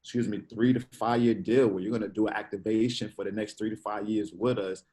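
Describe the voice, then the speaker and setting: A man talking as a guest in a casual interview, lively and slangy, acting out quoted conversations. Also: lowish voice, a little fast, rough recording. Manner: animated, slangy, acts out quoted exchanges.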